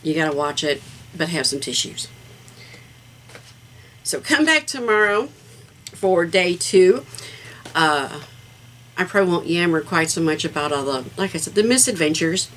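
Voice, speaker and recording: A woman's voice: fairly low pitch, expressive, a little slow, long pauses, fairly bright tone, a little hiss or hum, rough recording. A middle-aged woman hosting a casual craft vlog, talking in a rambling, heartfelt way with plenty of fillers. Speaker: craft channel host.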